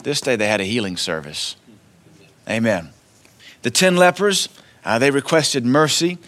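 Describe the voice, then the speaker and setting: Male pastor, casual sermon delivery, mid-range voice, alternates soft asides with raised declarations. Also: medium pitch, animated, measured pace. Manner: conversational preaching, swings between loud declarations and quiet asides. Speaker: preacher. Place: church.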